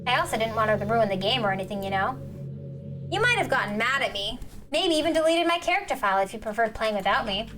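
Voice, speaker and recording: A woman reading aloud as a devoted teen girl club president, soft and confiding, over game music. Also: a little high, lively intonation, quick pace, pitched below the performer's own voice, close to an everyday voice. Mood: tender.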